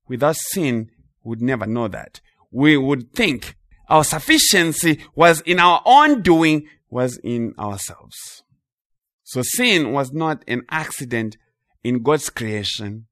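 A man preaching a sermon with emphasis, repeating key phrases and slowing on important words. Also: mid-range voice, fairly bright tone, no echo, clean studio sound.

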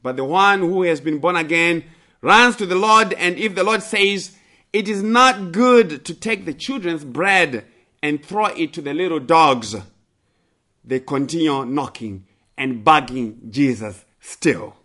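Bright-voiced man preaching slowly. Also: a little high. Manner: emphatic, repeats phrases, rises when voicing pleas. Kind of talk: sermon with scripture reading.

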